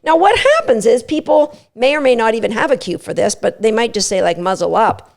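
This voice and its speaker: A woman giving an energetic podcast lesson on dog training, repeating each step plainly. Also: on the high side, a little fast, creaky. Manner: energetic, instructive, repeats steps.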